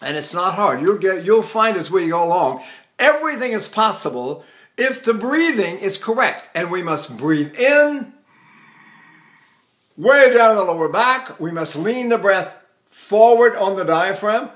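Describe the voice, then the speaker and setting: An older man teaching vocal technique, explaining calmly and breaking into operatic tenor singing and short staccato exercises. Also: high voice, a little slow. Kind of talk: vocal technique lesson with sung demonstrations.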